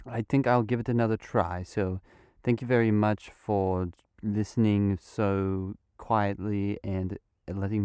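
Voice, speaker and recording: Young male podcaster, slow and smooth, mock-formal politeness, dry close sound. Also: lowish voice, dark tone, no echo. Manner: overly polite, formal phrasing, rambling. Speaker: podcast host in character. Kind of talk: improvised comedy sketch.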